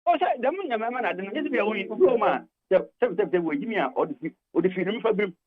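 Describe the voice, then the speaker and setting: A man's voice: high-pitched, lively intonation, racing, narrow, tinny audio, crowd noise. An older man with a Ghanaian accent, a labour union leader arguing emphatically on a radio talk show, repeating his points and switching between English and Twi.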